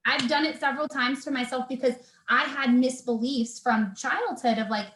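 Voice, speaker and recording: A woman's voice: sits high, moderate pace, echoey room, noisy background. A woman in her thirties, a personal trainer talking as a guest in an earnest, faith-filled way, with plenty of fillers and restarts. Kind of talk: casual video interview chat.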